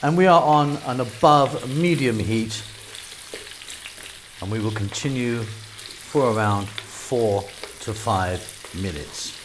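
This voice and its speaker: A middle-aged man with a London accent who hosts a cooking channel. He gives calm, step-by-step instructions while demonstrating a recipe. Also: mid-range voice, takes it slowly, slight background noise.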